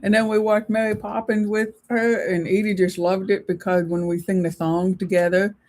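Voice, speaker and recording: A woman's voice: mid-range voice, level tone, normal speed, darkish tone. An older woman co-hosting a casual live chat, putting in dry, teasing remarks and short replies. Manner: dry, teasing, brief interjections. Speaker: co-host.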